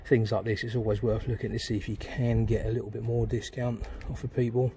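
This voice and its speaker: A man's voice: mid-range voice, little pitch movement, brisk, mellow, a little hiss or hum, rough recording. A man giving a casual how-to talk while fitting a phone mount, with lots of ums and fillers. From United Kingdom. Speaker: vlogger demonstrating an install. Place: outdoors by a motorbike.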